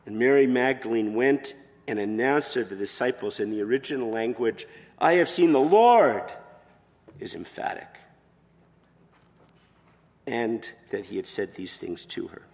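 A man preaching a sermon as pastor, expressive, moving between quiet, soft passages and loud emphatic ones. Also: fairly low pitch, normal speed, in a large hall.

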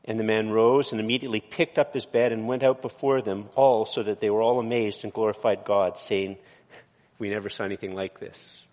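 A man's voice: on the low side, steady tone, brisk, hardly any pauses, a little mellow, long reverb tail. A man, a pastor, preaching a conversational sermon in a church, with frequent restarts and asides.

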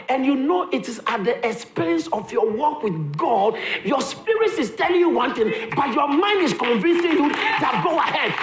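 A male pastor preaching a sermon in a church, dramatic, acting out Bible voices and shouting for emphasis. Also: very high-pitched, expressive, normal speed, echoey room.

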